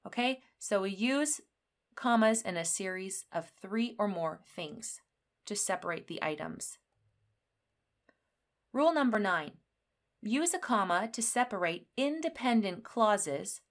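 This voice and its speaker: Clear, unhurried explanations of English grammar rules come from a woman speaking at a medium pitch. She reads her example sentences with lively stress.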